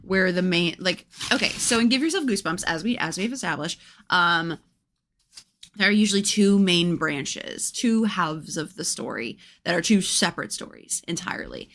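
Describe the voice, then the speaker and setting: A playful young woman chats casually and reads a spooky storybook aloud on a stream. Her voice is lively and swoops up and down as she talks. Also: on the low side, normal speed, slight background noise. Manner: chatty, playful, breaks off to coo at her cats. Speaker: livestream host reading a book aloud.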